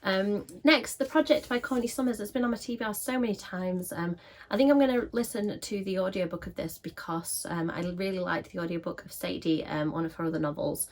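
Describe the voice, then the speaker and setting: A woman's voice: medium pitch, fairly quick. A woman with a scratchy voice, chatting casually to camera as a book vlogger with frequent filler ums.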